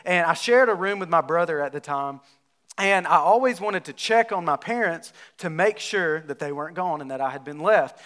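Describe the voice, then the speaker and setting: A man, a pastor from North Alabama, preaching a sermon in a relaxed, conversational storytelling way. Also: a little high, normal speed.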